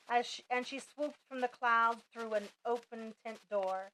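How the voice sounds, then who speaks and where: A middle-aged woman reading a rhyming children's story aloud, slow and expressive, as a parent at bedtime. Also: fairly high pitch, slight background noise, low-quality recording. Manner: slow, expressive, dropping soft at the end.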